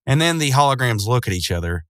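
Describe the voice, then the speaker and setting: A man's voice: medium pitch, sing-song, quick pace, fairly bright tone, clear, resonant tone, dry recording. Guy rambling through an episode recap, lots of um and like, dry close sound. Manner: rambling, loose, chuckling often, many fillers. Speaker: show recapper.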